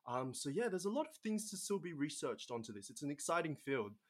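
A man's voice: a little high, very animated, a little fast. A young Australian man in a casual podcast chat, explaining things with many fillers and restarts. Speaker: podcast guest, linguistics researcher.

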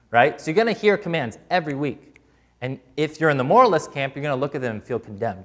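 A man preaching a conversational sermon, informal and full of restarts, who acts out quoted prayers with a voice that drops soft and low. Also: lively intonation, quick pace. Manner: plain, informal, with repeated restarts.

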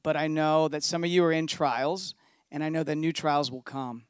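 Pastor with a higher voice. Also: male voice, steady tone, normal speed, clean tone, dry recording, clean studio sound. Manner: conversational storytelling sermon. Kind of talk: sermon.

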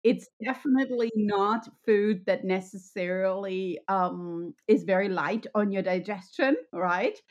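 A woman with a German accent, chatting as an interview guest in a friendly, upbeat way. Her voice sits at a middling pitch. The audio is dull and lo-fi. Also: a little slow, few pauses. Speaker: podcast guest, wellness coach. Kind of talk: conversational interview.

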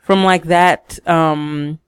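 A woman's voice: low-pitched, steady tone, very slow, clean tone, dry recording, clean studio sound. A woman co-hosting a podcast in casual chat, teasing her partner and laughing often. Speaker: podcast co-host.

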